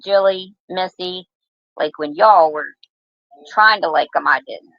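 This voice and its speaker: A woman's voice: on the low side, measured pace, vocal fry, fairly bright tone, no room sound, dull audio. A woman hosting a livestream, chatting casually and teasing her viewers. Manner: chatty and teasing, talks to chat. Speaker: livestream host.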